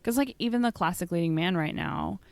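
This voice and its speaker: A podcast co-host chats casually about musical theater, her lowish, gravelly voice darkish in tone and a little fast. She's chatty and opinionated, filling her talk with "like." The recording has no room sound.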